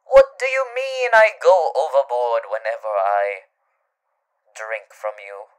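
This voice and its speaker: A man voicing a teasing male vampire demon husband in a whispered role-play, flipping between soft whispers and loud playful exclaims. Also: mid-range voice, slow pace, clear, resonant tone, close to an everyday voice. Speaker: voice actor.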